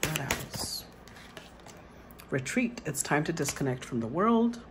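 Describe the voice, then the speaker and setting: A woman's voice: low-pitched, very animated, takes it slowly, slight background noise, rough recording. A woman tarot reader who reads the card meanings aloud and then muses over them in a casual way.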